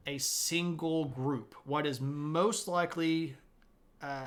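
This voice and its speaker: A man's voice: a little high, fairly bright tone. A man hosting a live-streamed history lecture from home, talking in a casual, chatty way with self-deprecating asides.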